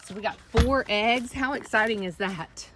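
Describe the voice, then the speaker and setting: Her fairly high voice moves at a normal pace over a noisy background as she talks to the camera outdoors. She is a vlogger and homesteader doing chores beside a chicken coop, laughing frequently, with chickens and a rooster in the mix.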